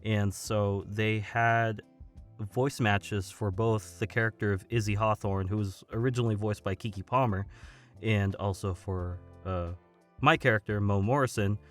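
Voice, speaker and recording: A man, a voice actor guest on a podcast, talking casually in an animated, rambling way and often correcting himself. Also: fairly low pitch, measured pace, soft background music.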